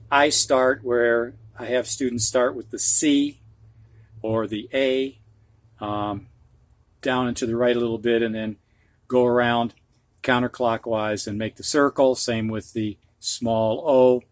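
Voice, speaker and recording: A man's voice: medium pitch, fairly even intonation, slow, no echo. A middle-aged man with a Midwestern accent teaching a phonics lesson, patient and repeating each word twice. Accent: Midwestern US (Ohio, Michigan). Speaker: reading teacher.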